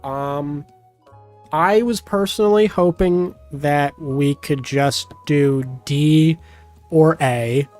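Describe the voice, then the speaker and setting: A man with a fairly high voice hosts a live game stream and chats loosely with his audience. When bids come in he switches to a rapid auctioneer patter. Soft music plays underneath. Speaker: streamer hosting a game with chat. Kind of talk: casual live-stream chat.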